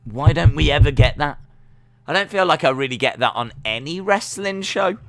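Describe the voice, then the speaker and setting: A man hosting a wrestling livestream, chatting casually and rambling with lots of fillers and sudden animated bursts. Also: fairly high pitch, normal speed, no echo. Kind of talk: casual chat.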